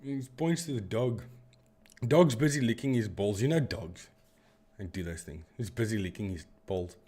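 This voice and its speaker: A man's voice: lowish voice, moderate pace, mellow, slightly rough. A man from Africa, hosting a casual live stream and telling long, meandering stories with frequent restarts. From South Africa. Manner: rambling, digressive storyteller who often restarts sentences.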